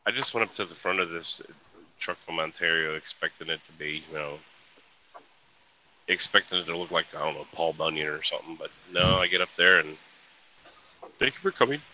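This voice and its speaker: A man's voice: sits low, fairly even intonation, fairly quick, sharp tone, highs cut off, a little hiss or hum. A man telling crude jokes and stories in a casual group voice chat. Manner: crude joking storyteller. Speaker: chat participant.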